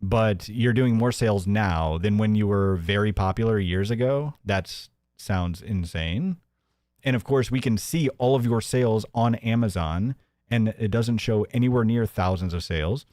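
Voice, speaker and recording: A man hosting a live-stream commentary show, sarcastic and mocking, often laughing and jumping into a high mimicking voice. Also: normal speed, darkish tone, dry recording, studio quality.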